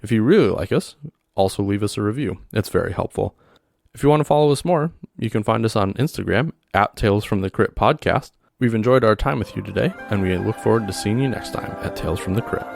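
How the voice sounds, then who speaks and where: A man signing off as host of a tabletop game podcast, relaxed and a little halting. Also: lowish voice, vocal fry, dry recording. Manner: relaxed, slightly halting with fillers. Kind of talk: show outro announcement.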